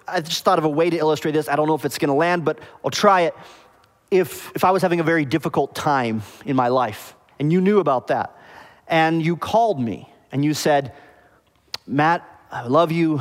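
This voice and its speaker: Male preacher, sermon, explains word meanings, asks "does that make sense?", slightly high voice, long hall reverb. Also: fairly quick. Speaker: pastor.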